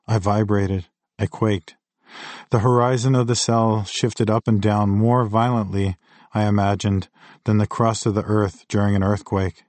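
A man narrating his memoir as an audiobook in a measured, vivid storytelling delivery. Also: on the low side, a little mellow, dry recording.

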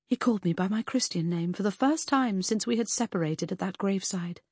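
A woman reading a first-person audiobook in an expressive, lively storytelling manner, voicing the characters. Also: mid-range voice, fairly quick, slightly rough, no echo, clean studio sound. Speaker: audiobook narrator.

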